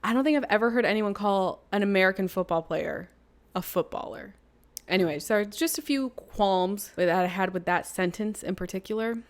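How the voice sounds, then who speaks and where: A woman's voice: mid-range voice, moderate pace. Wry woman streamer commenting on a game. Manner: wry, sarcastic, incredulous. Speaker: streamer playing a story game. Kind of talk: casual let's-play commentary.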